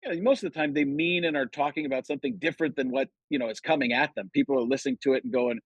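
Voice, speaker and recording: A middle-aged man, a comedian guest on a podcast, chatting casually and telling stories with lively quoted voices. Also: medium pitch, rapid-fire, husky, dry recording, lo-fi sound. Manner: animated storytelling, jumps into quoted voices. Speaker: guest impressionist.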